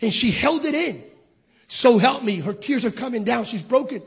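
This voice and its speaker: A middle-aged man preaching a sermon as pastor, animated and playful with the congregation, dropping to a hush when telling a story. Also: very high voice, moderate pace, slightly rough. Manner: addresses the congregation casually, calling them "baby". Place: church service.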